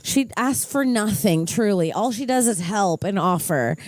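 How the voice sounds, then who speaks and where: A young woman telling family stories in a casual podcast chat. She talks in an animated way, laughs often and swears freely. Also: medium pitch, a little slow, no room sound.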